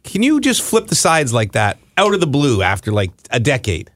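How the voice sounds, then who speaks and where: A man rambles through a comic complaint on a podcast, chuckling and playing up his own outrage. His pitch jumps around a lot, and the sound is close and dry, with no room in it. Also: wildly swooping pitch, normal speed, a bit bright, no room sound. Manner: rambling storyteller, chuckling, mock-indignant. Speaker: podcast co-host. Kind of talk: casual chat.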